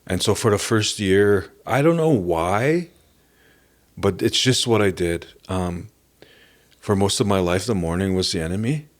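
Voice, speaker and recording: A middle-aged man from Canada giving an earnest, halting personal testimony as a podcast guest. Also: sits low. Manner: earnest, halting, emotional at times.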